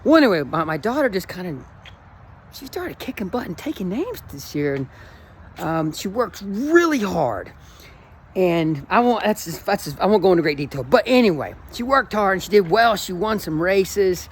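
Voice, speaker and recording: A man's voice: high-pitched, sing-song, moderate pace, slight background noise. A man in his forties, a running coach, talking in an enthusiastic, emotional and rambling way in a casual motivational vlog. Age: 40s.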